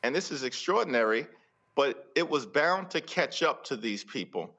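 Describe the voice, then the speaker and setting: Forceful politician on a muffled line. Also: male voice, mid-range voice, animated, moderate pace. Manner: forceful, rhetorical, repeats phrases for emphasis. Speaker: congressional leader interviewed as guest. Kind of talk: political talk show commentary.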